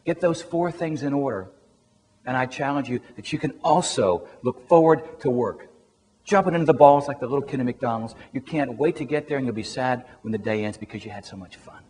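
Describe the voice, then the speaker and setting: A man's voice: medium pitch, brisk, slight background noise. Male career coach, motivational storyteller, chuckles often, long hall reverb. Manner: lively storyteller, chuckles through his own anecdote.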